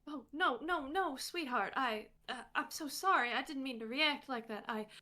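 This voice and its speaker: A woman's voice: high voice, normal speed, bright, forceful tone, pitched above the performer's own voice. A woman voicing Clementine, a fussing, motherly waitress who speaks in flustered apologies and calls people sugar. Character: Clementine, a warm fussing Southern-style waitress.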